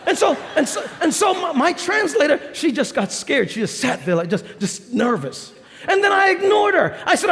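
A man with a New York accent preaches to a large auditorium, his voice pitched unusually high with a gravelly edge. He tells stories animatedly, laughing and shouting the punchlines, and his words ring out with a long reverb. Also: sing-song, normal speed. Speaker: pastor. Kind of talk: sermon.

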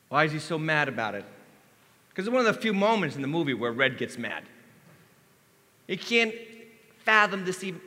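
A male pastor preaching with a lively, swooping delivery, his voice rising and falling as he acts out quoted lines. His tone is bright and forceful, and a long hall reverb trails each phrase through the church. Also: a little high. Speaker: lead pastor. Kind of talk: sermon.

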